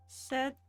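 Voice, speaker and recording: A woman chatting casually on a live stream, laughing often, swearing now and then and switching between languages. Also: fairly bright tone.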